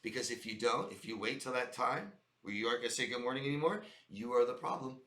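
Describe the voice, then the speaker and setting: A fast-talking man with a mid-range, slightly bright voice is heard in a roomy space. Addressing the camera and his "guys" directly, he gives life-coaching advice, emphatic and repetitive throughout.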